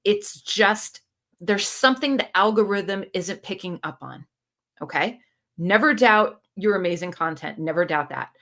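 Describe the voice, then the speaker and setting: Recorded on a phone camera, a booktube channel host leads a casual live stream, reading comments aloud and replying with supportive coaching. Her medium-pitched voice is expressive, bright and forceful, and she keeps a measured pace.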